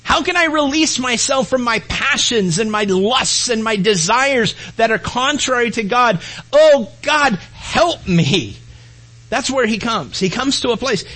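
A pastor preaches a sermon in a husky, breathy voice that sits high for a man, swinging between raised, emphatic lines and soft, hushed ones. His intonation is lively, his pace measured, and the recording is low quality.

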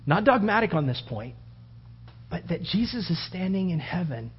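A man preaching a sermon, acting out the story with loud outbursts and hushed whispers. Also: high-pitched, very animated, moderate pace, slightly rough. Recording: dull lo-fi sound.

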